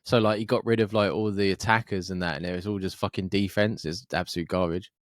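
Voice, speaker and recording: A Scottish man co-hosting a podcast, telling sweary, animated anecdotes in casual chat. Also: low-pitched, fast talker, no room sound, clean studio sound. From Scotland, Fife. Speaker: podcast co-host.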